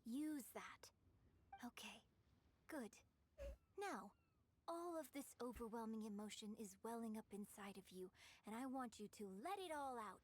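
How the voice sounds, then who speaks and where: A woman voicing a patient female opera teacher in a video game, speaking in a measured, instructive way. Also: fairly high pitch, expressive, husky. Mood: encouraging.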